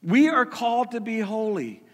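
A man's voice: extremely high pitch, animated, normal speed, big-room sound. A man preaching a sermon as pastor, earnest, often repeating words and restarting his sentences.

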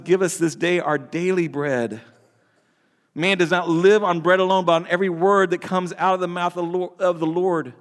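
Conversational pastor in a reverberant church. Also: male voice, high-pitched, a bit bright. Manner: conversational, repeats words and restarts, asks the congregation questions. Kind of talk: sermon. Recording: long hall reverb.

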